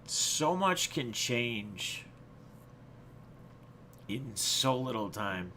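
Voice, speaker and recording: A man speaking straight to his viewers in a casual, unscripted way. His voice is bright and forceful at a middle pitch. He tells his story in a loose, reflective ramble and keeps restarting his sentences. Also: big pitch swings, extremely slow, a little hiss or hum. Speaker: channel host.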